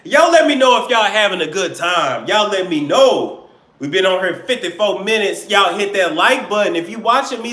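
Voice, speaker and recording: A man hosting a live-stream celebrity gossip show, animated and joking, sometimes slipping into mock accents. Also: sits high, roomy sound.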